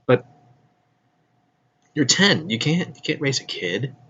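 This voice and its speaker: A man's voice: mid-range voice, sing-song, slow pace, sharp tone, husky, lo-fi sound. A man rambling casually through news and geek topics, loose and profane, with frequent restarts. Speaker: vlogger.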